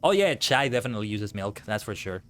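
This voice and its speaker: A man chatting on a live gaming stream who breaks into animated, swearing rants. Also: on the low side, fast talker, faint music behind. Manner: ranting, swears freely, animated outbursts. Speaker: VTuber streamer. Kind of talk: casual live-stream chat while gaming.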